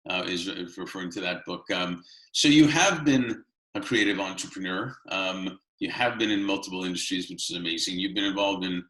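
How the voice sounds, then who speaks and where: A man's voice: sits low, fairly quick, a bit bright, reverberant, rough recording. A man from Canada hosting a casual interview, chatty and rambling with many fillers. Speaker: interview host.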